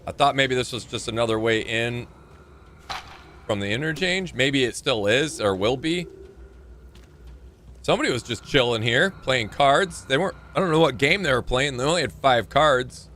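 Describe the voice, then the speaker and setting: A man's voice: medium pitch, animated, normal speed, a bit bright, a little hiss or hum. A man casually commenting while he plays a video game live, rambling and reading in-game notes aloud. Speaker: streamer.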